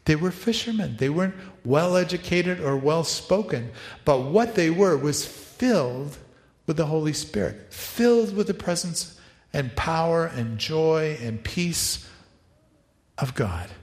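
A man preaching a sermon, animated, acting out quoted voices and making asides to helpers. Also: on the high side, measured pace. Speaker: pastor. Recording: echoey hall, reverberant.

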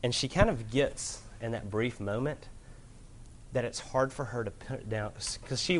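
Earnest male pastor preaching a sermon. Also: mid-range voice. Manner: earnest, asks rhetorical questions, warm family anecdotes; varies pace, slows right down to quote scripture.

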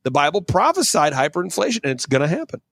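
A man talking as a guest on a talk show. He is emphatic and preachy, and he repeats words when he gets excited. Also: fairly high pitch, fast talker, vocal fry, slightly rough, no echo. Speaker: guest commentator. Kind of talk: animated talk-show commentary.

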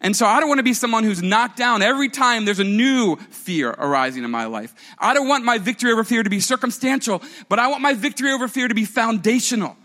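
A man preaching a sermon to a church congregation in an animated, conversational way, with playful asides. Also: extremely high pitch, quick pace, hardly any pauses, in a large hall. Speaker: pastor.

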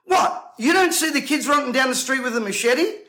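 A man's voice: very high voice, lively intonation, fairly quick, bright, forceful tone, low-quality recording. A man, a preacher talking straight to camera in an emphatic, combative way, firing off rhetorical questions. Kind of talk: indignant monologue to camera.

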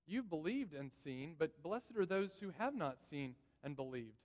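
A man's voice: a little high, lively intonation, normal speed, few pauses. A man preaching a sermon in a church, earnest and repeating key phrases for emphasis. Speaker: pastor. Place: church sanctuary. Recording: long reverb of a church hall.

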